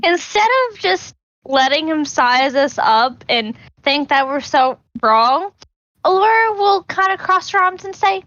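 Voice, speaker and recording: A woman's voice: high-pitched, lively intonation, measured pace, a bit bright, no echo, muffled recording. A woman playing a tabletop game, making casual asides. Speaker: player.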